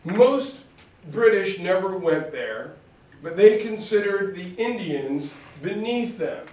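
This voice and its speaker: A male history teacher giving a lively, playful classroom lecture, slipping into quick mock voices. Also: sits high. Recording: echoey room, far from mic.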